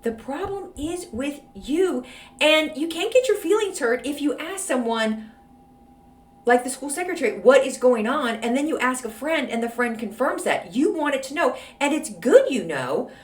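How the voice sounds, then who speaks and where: Snarky woman podcaster, lively and roomy. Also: high-pitched, normal speed. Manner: snarky, gossipy storytelling with many fillers. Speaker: podcast host answering advice letters. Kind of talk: casual solo podcast chat. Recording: roomy echo, voice off-mic.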